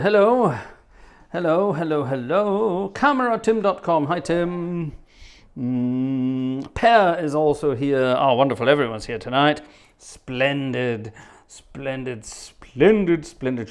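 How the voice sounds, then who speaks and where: A man hosting a live stream from his home organ studio, chatting cheerfully and reading out names from the chat. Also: on the high side. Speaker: livestream host and organist. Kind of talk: casual live-stream chat, greeting viewers.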